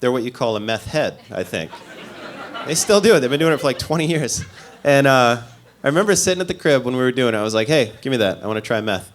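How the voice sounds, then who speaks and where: A man's voice: medium pitch, expressive, fast. A man from the American Midwest doing stand-up comedy, telling a story in a loose, self-mocking way with dry asides.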